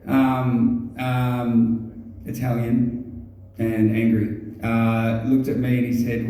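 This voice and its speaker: A man's voice: medium pitch, level tone, dark tone. Rambling Australian man telling a stand-up story. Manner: halting, many ums and restarts, swears freely. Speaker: stand-up comedian. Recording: very echoey room, mic far off.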